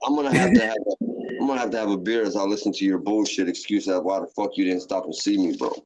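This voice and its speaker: A podcast co-host with a deep, somewhat dark voice and some vocal fry chats casually, very animated and fast-paced. He swears heavily while mock-scolding a friend in outraged, teasing fashion. The stream audio sounds dull and lo-fi.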